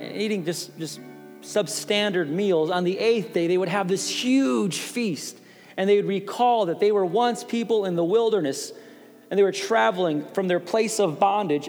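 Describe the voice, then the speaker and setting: High-voiced man preaching in a hall. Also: a little mellow. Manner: impassioned preaching, emphatic repetitions. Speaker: pastor. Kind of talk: sermon. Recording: long hall reverb, faint music behind.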